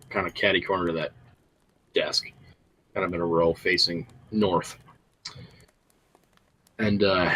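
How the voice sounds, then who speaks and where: A man's voice: fairly low pitch, fairly bright tone, poor audio. A man narrating a tabletop game as game master, rambling and hesitant, with many fillers.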